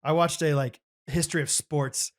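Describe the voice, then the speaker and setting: A man's voice: on the high side, steady tone, normal speed. A man co-hosting a podcast in casual chat, easygoing and joking. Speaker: podcast co-host.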